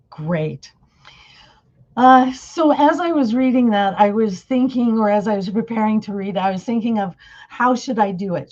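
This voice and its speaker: A woman's voice: mid-range voice, darkish tone. Chatty woman presenting over muffled audio. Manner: chatty, asks the audience questions. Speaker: conference presenter. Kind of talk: casual webinar talk.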